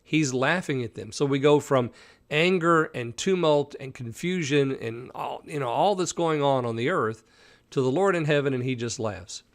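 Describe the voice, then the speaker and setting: A man's voice: medium pitch, moderate pace. Man teaching a daily Bible study. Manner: animated, explains the text conversationally.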